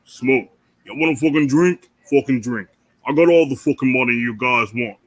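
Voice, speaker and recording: A man's voice: mid-range voice, moderate pace, close to an everyday voice. A man voicing a brash, generous Spanish party host who talks like a movie villain. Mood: boastful. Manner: swaggering, generous, profane.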